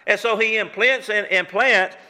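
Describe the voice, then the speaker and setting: A man's voice: sits high, moderate pace, sharp tone, long reverb tail. A man preaching a sermon to his congregation in a church, fervent and full of repeated rhetorical questions. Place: church sanctuary.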